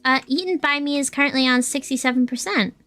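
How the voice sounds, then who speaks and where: A VTuber streams a video game, chatting casually with viewers, joking, swearing, and answering their messages in a playful manner. Her high voice is quick, bright, and pushed, recorded dry with faint game music underneath.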